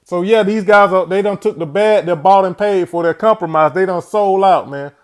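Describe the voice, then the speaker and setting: A man's voice: sits high, normal speed, clear, resonant tone. A man hosting a religious commentary show, speaking in a preachy way and ending his phrases with "man". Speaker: host.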